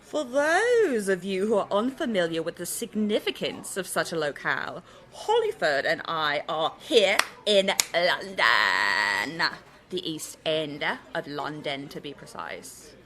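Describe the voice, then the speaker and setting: A woman's voice: sits low, big pitch swings, a little slow, fairly bright tone, slight background noise, exaggerated voice. A woman voicing a tipsy self-styled dame, with a theatrical, mock-grand fake British accent.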